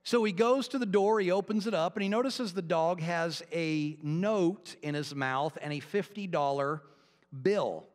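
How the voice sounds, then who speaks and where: High-voiced pastor in a reverberant church. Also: male voice, measured pace. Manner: folksy storytelling, casual asides. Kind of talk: sermon with opening joke. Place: church sanctuary.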